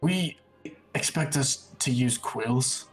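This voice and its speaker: Guy doing gruff awkward tall kid, blunt and flat, music in the back. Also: medium pitch, slow, close to an everyday voice. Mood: deadpan. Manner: blunt, deadpan, curt. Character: gruff, socially awkward towering boy.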